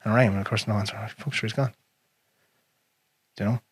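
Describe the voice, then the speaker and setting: Irish male podcast host, raspy, quick, blunt and profane, dry close sound. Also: on the low side, steady tone, dry recording. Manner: frank and profane, drops to a near whisper on painful memories. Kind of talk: casual conversation.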